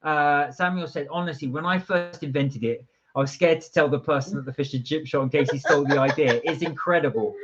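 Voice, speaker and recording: A man's voice: on the high side, a little fast, hardly any pauses. A man co-hosting a casual live stream, teasing his partner and reading out viewer comments. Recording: dull lo-fi live stream audio.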